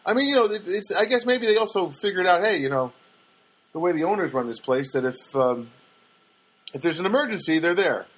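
A man with a voice a little higher than most, talking in a loose, chatty way. He stumbles, restarts and fills pauses as he rambles. He drops in wry asides that poke fun at himself. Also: expressive, breathy edge, low-quality recording. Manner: chatty, many fillers and restarts; wry, self-deprecating asides. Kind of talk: casual rambling anecdote.

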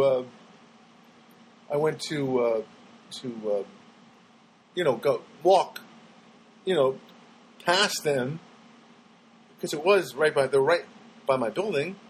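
A man's voice: on the high side, a little hiss or hum, low-quality recording. A man telling a rambling comic monologue at home, stammering and restarting as he goes. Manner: rambling, stammering, animated storytelling.

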